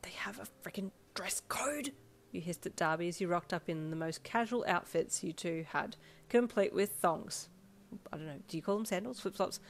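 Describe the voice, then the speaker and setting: A woman with an Australian accent reading her fanfiction aloud in a casual, chatty, lively storytelling manner. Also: on the low side, moderate pace. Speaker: fanfiction narrator.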